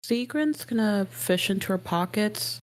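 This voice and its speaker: A woman playing a tabletop role-playing game, describing her character's actions in a low-key, soft-spoken way. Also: expressive, unhurried. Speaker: player.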